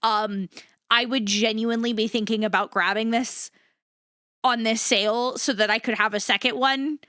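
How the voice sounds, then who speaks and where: A woman streamer chats casually, ranting and swearing in a joking, self-mocking way. Her voice is bright and high and moves around a lot. The sound is close and dry, with no room echo. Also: fairly even intonation, moderate pace. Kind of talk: casual chat.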